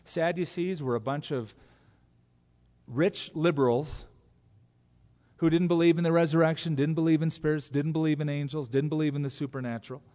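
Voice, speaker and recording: A man's voice: a little high, normal speed. Man preaching in a reverberant hall. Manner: animated, acts out biblical quotes in different voices. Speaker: pastor. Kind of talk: expository sermon.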